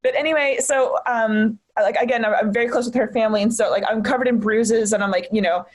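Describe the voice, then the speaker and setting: A woman's voice: fairly high pitch, quick pace. A young woman, a comedian guesting on a podcast, telling a personal story in a chatty way, full of fillers like "like". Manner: chatty, filler-heavy with frequent "like".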